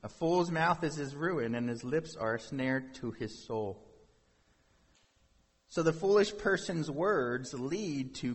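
Male pastor, unhurried sermon delivery, slightly husky, long hall reverb. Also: a little high. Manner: conversational preaching with rhetorical questions.

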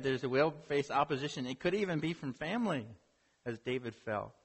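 A male preacher telling a story in a sermon, animated, asking rhetorical questions. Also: mid-range voice, vocal fry, husky. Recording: long hall reverb.

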